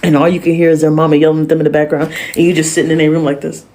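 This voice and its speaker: Woman telling a wild work story, sassy and animated, lots of slang. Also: sits low, rapid-fire, noisy background. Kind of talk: casual storytime.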